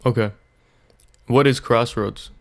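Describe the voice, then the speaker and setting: A man hosting a podcast, asking relaxed, meandering questions in casual conversation. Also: medium pitch, takes it slowly. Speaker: podcast host.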